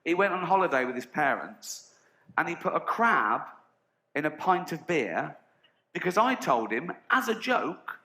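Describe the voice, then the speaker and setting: A man's voice: fairly high pitch, big pitch swings, unhurried, bright, forceful tone, reverberant. An Englishman doing stand-up comedy, telling blunt, sweary stories and giggling at his own lines. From England.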